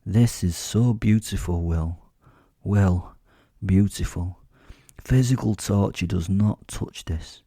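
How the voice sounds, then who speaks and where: A gloating male wolf spirit speaks from inside the mind, savoring every word, as a man puts him on. The voice is deep and dark, recorded dry and close. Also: slow pace, no room sound, heavily acted.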